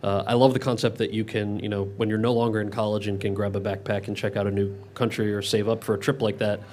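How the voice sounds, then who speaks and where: Brief: male actor at a live Q&A, rapid delivery, lowish voice, candid with restarts. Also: level tone, a little mellow, a little hiss or hum. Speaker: actor answering audience questions. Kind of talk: public Q&A conversation. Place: event with live audience.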